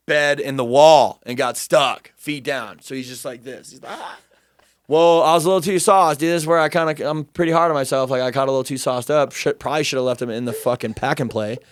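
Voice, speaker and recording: A young man telling a story in a casual chat, animated, profane and self-deprecating. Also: mid-range voice, clean tone, dry recording, studio quality.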